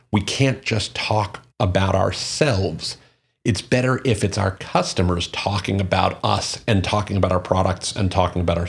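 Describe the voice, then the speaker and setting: A man's voice: fairly low pitch, gravelly, breathy edge. A man giving a solo talk on marketing, reading out quotes and figures and then stressing his own points. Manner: reads quotes and statistics, then comments emphatically. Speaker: marketing commentator.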